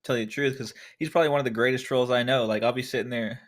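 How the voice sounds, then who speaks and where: A young man with a middle-pitched voice tells a relaxed story on a podcast. He quotes people in a lifted voice, and the chat stays easygoing. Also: very fast.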